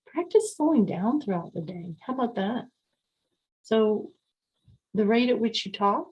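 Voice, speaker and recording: A woman hosting a podcast, talking calmly and repetitively as she coaches listeners on slowing down and mindfulness. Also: a little high, muffled recording. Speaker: podcast host. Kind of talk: calm podcast talk on sleep and mindfulness.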